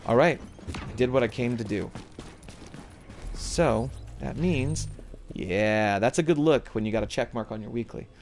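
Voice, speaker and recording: A man's voice: medium pitch, unhurried, pauses often, darkish tone. A man streaming a video game from home, giving loose live commentary that often trails off and corrects itself. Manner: rambling, loose and self-correcting.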